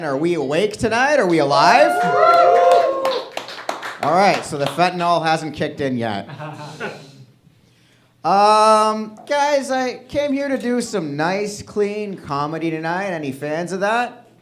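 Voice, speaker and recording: A man delivers dark jokes and deadpan crowd work at an open mic. His pitch swings widely as he talks. A faint hiss runs under the recording. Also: takes it slowly. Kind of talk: stand-up comedy set.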